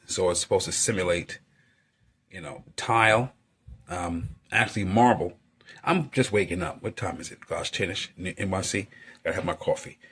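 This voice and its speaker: A man's voice: low-pitched, normal speed, fairly bright tone, breathy edge. A man, an artist and model builder, chatting casually at home as he works, with lots of fillers and playful little sound effects.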